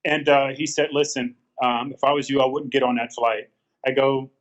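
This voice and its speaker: A man's voice: medium pitch, fairly even intonation, normal speed. A man in his fifties, a guest in an interview, telling a hard personal story with many fillers and restarts. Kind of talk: candid storytelling. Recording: dull lo-fi sound.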